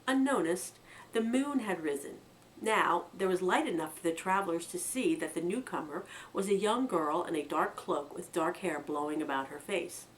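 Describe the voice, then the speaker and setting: A woman with an American accent reading a children's story aloud, voicing its characters with lively shifts. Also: moderate pace, far from the mic, a little hiss or hum, low-quality recording. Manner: expressive, lifting her pitch for quoted lines. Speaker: children's book reader.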